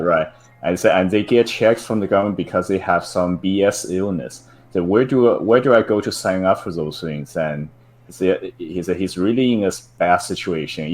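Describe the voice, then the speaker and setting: Deep-voiced, halting male co-host. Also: darkish tone. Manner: hesitant, halting, searching for words. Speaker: co-host reading chat donations. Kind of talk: casual live-stream chat.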